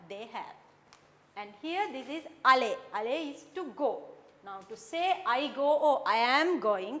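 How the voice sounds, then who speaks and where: A woman's voice: a little high, fairly bright tone, in a large hall. A woman teaching French grammar at a board, explaining patiently and sounding out each verb form. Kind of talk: classroom lesson at a board.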